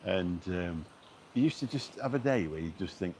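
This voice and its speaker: Deep-voiced rambling man outdoors. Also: lively intonation, fast talker, slight background noise. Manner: rambling, chatty, many fillers and restarts. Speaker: vlogger live-streaming. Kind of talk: casual live-stream chat. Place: outdoors on a beach walk.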